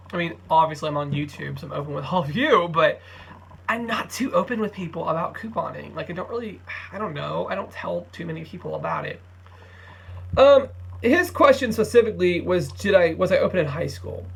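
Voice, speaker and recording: A man's voice: a little high, creaky, a bit bright, slightly rough. A young man in his late teens from Ohio, chatting casually on his couponing vlog, sleepy and rambling with lots of fillers and restarts. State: sleepy, yawning. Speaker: couponing YouTuber.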